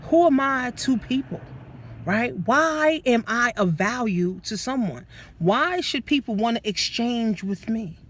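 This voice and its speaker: A woman business coach, giving an animated, profane motivational talk straight to her listeners. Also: a little high, a little slow, a little hiss or hum.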